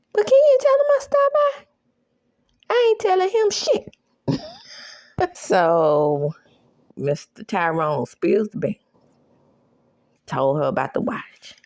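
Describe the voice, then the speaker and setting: A woman's voice: fairly low pitch, vocal fry, a little mellow, dry recording, clean studio sound. A woman recapping a TV episode in a casual, sassy way, laughing often and acting out the characters' lines. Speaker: recap host. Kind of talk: casual show recap with reactions.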